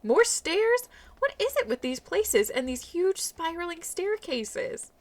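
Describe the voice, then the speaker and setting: A woman's voice: very high voice, big pitch swings, slow. A woman commentating her game playthrough with playful, joking asides. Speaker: gaming channel host. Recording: faint music behind.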